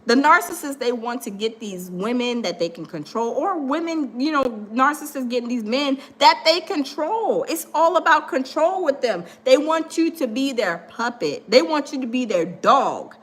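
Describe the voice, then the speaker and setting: A woman's voice: high voice, animated, moderate pace, hardly any pauses, a bit bright. A woman hosting a livestream, chatting casually and animatedly, reading viewer comments aloud and acting out the people she quotes. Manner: acts out quoted people in different voices. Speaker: livestream host.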